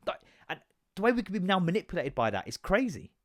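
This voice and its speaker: A man's voice: sits high, fast talker, no echo, studio quality. Sweary English man ranting on a podcast. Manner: animated, sweary, sarcastic. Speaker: podcast host. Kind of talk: casual ranting monologue.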